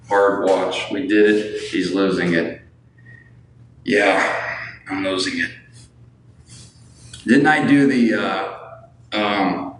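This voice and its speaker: A man's voice: sits low, fairly bright tone. A man chatting casually on a livestream, rambling and answering viewers, often tacking on "you know what I'm saying". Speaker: livestreamer asking viewers for money. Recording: echoey room with faint background noise.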